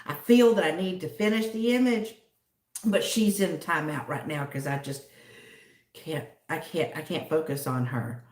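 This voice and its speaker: Woman livestream host, casual rambling chat, lowish voice, sits back from the mic in an echoey room. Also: moderate pace, darkish tone. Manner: rambling, chatty, answers viewers by name. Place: home in a city. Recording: roomy echo, distant from the mic.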